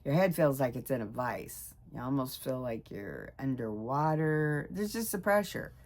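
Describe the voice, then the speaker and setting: A woman in her sixties giving a rambling, emotional personal vlog update; her voice jumps high when she gets excited. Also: moderate pace. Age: 60s. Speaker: vlogger.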